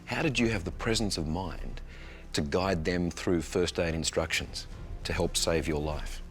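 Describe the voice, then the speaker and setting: A man's voice: sits low, a little slow, over music. A man interviewing people for TV, asking direct, probing questions.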